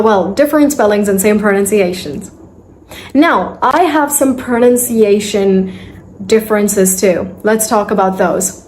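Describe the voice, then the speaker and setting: A woman's voice: a little high, darkish tone, slight background noise. A young woman teaching English pronunciation in an online lesson, spelling words out letter by letter and asking the viewer questions.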